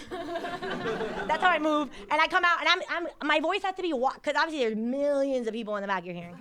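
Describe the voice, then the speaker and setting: A young woman doing stand-up comedy, rambling quickly and self-deprecatingly, often laughing between lines. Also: sits high, expressive, some chatter behind. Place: comedy stage with live audience. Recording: loud audience laughter and noise.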